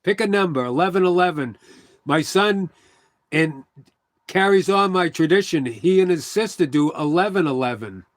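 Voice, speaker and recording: A middle-aged man talks casually to his livestream viewers, rambling through stories and acting out what people said. His voice sits a little high, and the sound is dry and close. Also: expressive, normal speed, no room sound. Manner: rambling storytelling with quoted dialogue.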